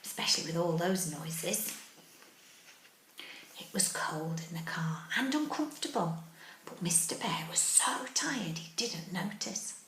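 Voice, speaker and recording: A woman teacher reading a picture book aloud to young children, animated, asking them questions and dropping into whispers. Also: on the low side, measured pace, a little hiss or hum. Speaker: early-years teacher. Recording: roomy echo.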